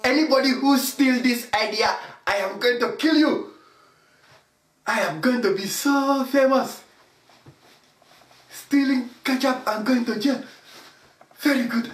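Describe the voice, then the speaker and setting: A man's voice: extremely high pitch, unhurried, long pauses, echoey room, low-quality recording. Melodramatic man rambling in broken English. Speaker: comedy vlogger. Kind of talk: comedic vlog monologue.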